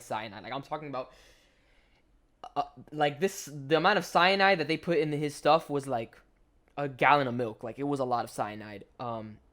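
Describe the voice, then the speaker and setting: Young guy, casual storytelling commentary, slangy and rambling, mid-pitched voice. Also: a bit bright. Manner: rambling, slangy, full of "like" and restarts. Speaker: gaming commentator. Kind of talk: casual storytelling over gameplay.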